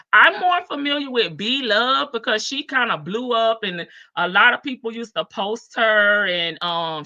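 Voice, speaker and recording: Bright-voiced chatty woman livestream host. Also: medium pitch, dry recording, highs cut off. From Chicago. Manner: chatty, greets viewers one by one, sassy asides. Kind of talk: casual livestream chat.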